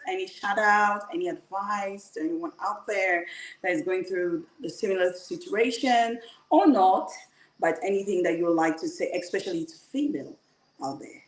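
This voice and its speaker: A woman hosting a live-streamed talk show, chatty and quick to laugh, thanking viewers and welcoming her guest. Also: medium pitch, reverberant. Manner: chatty, laughs often, calls guests "girl". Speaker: host.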